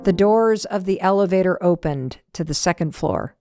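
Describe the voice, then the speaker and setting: A woman's voice: on the low side, moderate pace, music in the background. A woman hosting a motivational talk, telling a story in an emphatic, conversational way. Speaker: host.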